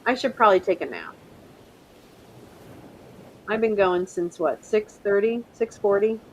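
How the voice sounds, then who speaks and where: A woman's voice: medium pitch, animated, measured pace, slight background noise, low-quality recording. A middle-aged woman hosting a casual live stream, rambling and chatty, often laughing and trying out French words. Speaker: livestream host.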